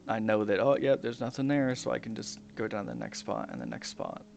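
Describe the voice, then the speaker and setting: Young man, game commentary, gravelly, low voice, lively pitch, piano music behind, swears and whispers. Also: a little fast. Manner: mumbling, swears a lot, drops into whispers. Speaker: gaming streamer. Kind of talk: casual commentary while playing a game.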